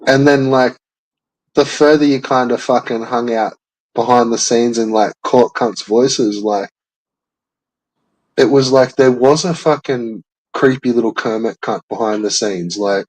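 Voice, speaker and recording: This is a man chatting casually with a friend. He talks in a relaxed, easygoing way, swears often and drifts into rambling stories. His pitch sits in a middle range. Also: unhurried, low-quality recording. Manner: swears freely, laid-back banter. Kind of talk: casual chat.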